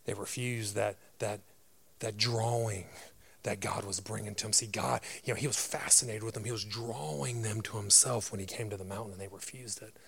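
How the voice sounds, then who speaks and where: A man delivers a sermon in a loud, grumbly voice with a gravelly edge. He speaks directly and emphatically to the congregation. He keeps asking rhetorical questions and answers them himself. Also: lowish voice, fairly even intonation, normal speed. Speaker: pastor.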